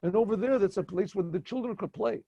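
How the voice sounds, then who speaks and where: A man voicing a wise, kindly old holy man who speaks calmly and reassuringly. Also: sits high, fast, creaky, husky, muffled recording, voice pushed up, heavily acted. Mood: calm certainty.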